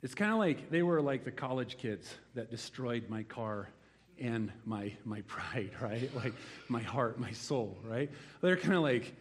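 A middle-aged man preaching a sermon in a conversational, animated way, acting out the voices in his stories. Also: mid-range voice, a little slow. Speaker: pastor.

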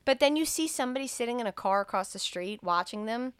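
A woman's voice: on the high side, animated, quick pace, clear, resonant tone, dry recording. Chatty woman recapping a movie. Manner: chatty, profane storytelling with quoted dialogue. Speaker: podcast host.

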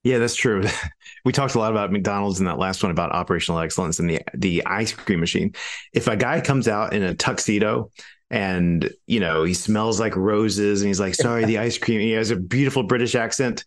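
A man with a fairly low voice, co-hosting a business podcast. He's easygoing and makes his points through playful everyday stories. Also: a little fast. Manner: easygoing, tells jokey everyday anecdotes. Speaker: podcast co-host. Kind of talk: casual business podcast chat.

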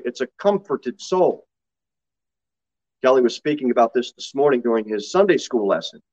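A man preaches a sermon from the pulpit at a middle pitch, his delivery swinging between low, earnest stretches and sudden high, loud mock quotes. The church recording sounds slightly dull and lo-fi. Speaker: pastor. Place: church sanctuary.

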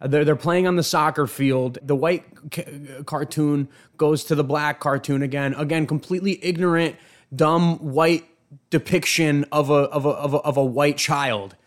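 A man's voice: on the high side, fairly even intonation, moderate pace. A man hosting an opinion commentary on video clips, indignant and emphatic, often stumbling and repeating words. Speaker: show host.

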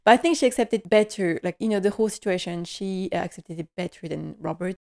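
A young woman who vlogs TV recaps runs through an episode, chatty and gushing, laughing often and acting out lines of dialogue. She talks fast with a lowish, darkish voice and vocal fry.

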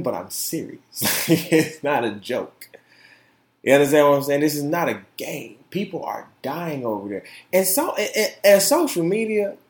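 A man hosting his own podcast, talking in an impassioned, profane way, repeating words and swinging from loud outbursts to quiet asides. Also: sits high, reverberant. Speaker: podcast host. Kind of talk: casual opinion podcast monologue.

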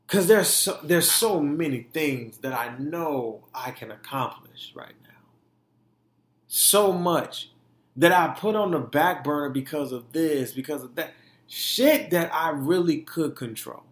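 A man's voice: a little high, expressive, measured pace. A young man hosting a podcast, speaking candidly and emphatically, often profane, acting out the way he talks to himself. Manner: candid and emphatic, profane, mimicking his own inner talk. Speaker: podcast host. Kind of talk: candid monologue. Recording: echoey room.

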